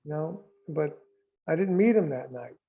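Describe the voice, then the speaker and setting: A man's voice: a little high, lively intonation, normal speed, vocal fry, mellow, dull audio. An older man, a drummer guest, telling long stories in a rambling, anecdotal way and acting out the quotes. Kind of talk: storytelling interview.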